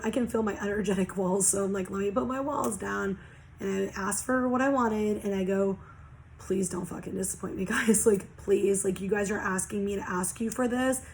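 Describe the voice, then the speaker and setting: A woman with a slightly high voice talks straight to her viewers in a casual spiritual reading. She is blunt and confessional and swears freely. Her tone stays informal and unpolished. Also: rough recording. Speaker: spiritual reader.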